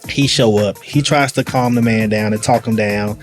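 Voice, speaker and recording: A man's voice: lowish voice, normal speed. A police sergeant with a St. tells stories in easygoing street slang. He slips in and out of the voices of the people he met, keeping it conversational. Faint music sits under his voice throughout. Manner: animated storyteller, acts out voices, slangy. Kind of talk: casual storytelling conversation. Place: live event venue.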